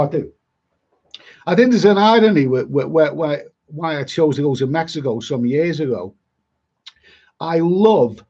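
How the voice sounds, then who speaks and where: A man with a Liverpool accent chats casually on a live stream, rambling and blunt, with a fair bit of grumbling. His voice sits fairly high and a little husky. The sound is dull and lo-fi. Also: mellow. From Liverpool, England. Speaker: travel vlogger.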